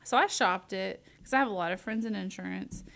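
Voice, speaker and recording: A woman hosting a community radio talk show, loud and close to the mic, chatting casually with plenty of fillers. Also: medium pitch, brisk, vocal fry. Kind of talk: casual interview chat.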